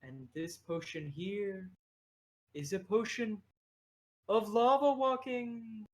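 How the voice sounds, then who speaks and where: A man's voice: sits high, takes it slowly, voice pushed up. A man voicing a grotesque, small male creature seer who is solemn and unsettling, with creepy gleeful outbursts.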